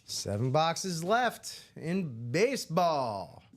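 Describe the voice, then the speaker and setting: A man's voice: a little high, big pitch swings, extremely slow. A man co-hosting a live card-break stream, playful and joking. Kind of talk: casual live-stream chat.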